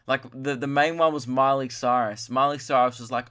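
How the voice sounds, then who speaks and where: A man's voice: medium pitch, fairly even intonation, normal speed, hardly any pauses, fairly bright tone, clean tone. A man, hosting a solo comedy podcast, rambling and mocking himself as he jumps between topics. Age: 20s. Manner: rambling, self-mocking, puts on voices for impressions. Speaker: podcast host.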